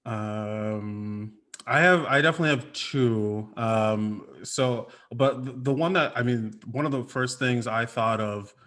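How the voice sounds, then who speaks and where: Man, comic writer, eager and rambling, mid pitch, remote call. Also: a little slow, a bit bright. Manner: enthusiastic, rambling with many fillers. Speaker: comic book writer on a panel. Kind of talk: casual panel chat.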